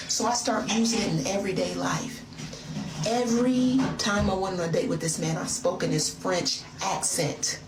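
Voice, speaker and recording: A woman's voice: a little high, moderate pace. A woman telling a personal story in a chatty, playful way, speaking straight to her listener. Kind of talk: casual confessional storytelling. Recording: roomy, distant, noisy phone audio.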